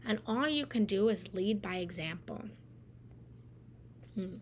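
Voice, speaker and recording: A woman's voice: mid-range voice, expressive, a little slow, a little hiss or hum. A woman meditation teacher giving an earnest, encouraging live-stream talk, repeating phrases for emphasis and slipping into whispered asides. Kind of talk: live-stream spiritual talk answering viewer comments.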